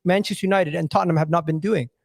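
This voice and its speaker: A man's voice: a little high, steady tone, rapid-fire, vocal fry, darkish tone, no room sound, studio quality. A man arguing insistently as a guest in a heated football debate on a video call. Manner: insistent and argumentative. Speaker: guest pundit.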